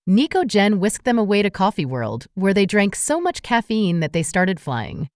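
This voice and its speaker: A woman's voice: mid-range voice, dry recording, studio quality. A woman reading a silly children's storybook aloud with a playful manner. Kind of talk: storybook narration.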